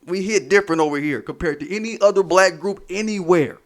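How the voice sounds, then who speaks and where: Man from the US, channel host, fairly high voice, emphatic, swears a lot, repeats himself. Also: brisk, fairly bright tone. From United States. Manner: emphatic, profane, repetitive, preachy. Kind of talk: political commentary monologue.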